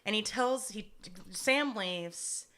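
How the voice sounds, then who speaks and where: A young woman co-hosting a podcast, recapping an episode in an animated, profane, casual way. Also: medium pitch, slow pace, clean tone. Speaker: podcast co-host.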